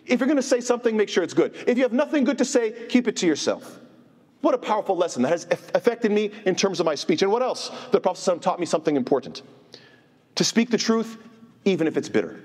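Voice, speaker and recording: A man giving an informal religious lecture, animated and asking his listeners rhetorical questions. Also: high voice, rapid-fire, breathy edge. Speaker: Islamic teacher. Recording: long hall reverb.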